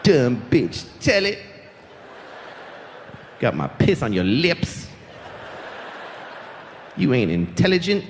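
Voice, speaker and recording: A man's voice: mid-range voice, big pitch swings, slow pace, long pauses, big-room sound, a little hiss or hum. A stand-up comedian acting out a crude, contemptuous man berating his toilet. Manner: contemptuous, bullying.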